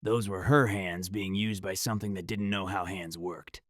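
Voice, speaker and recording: Low-voiced man narrating horror, dry sound. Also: steady tone, fairly bright tone, dry recording. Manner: dramatic, measured, first-person. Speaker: storyteller.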